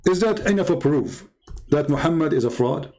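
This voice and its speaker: With a warm, expressive voice on the high side, a man argues heatedly in a live-stream religious debate at normal speed. He reads out and translates source texts, pressing his case with rhetorical questions. The recording is low quality.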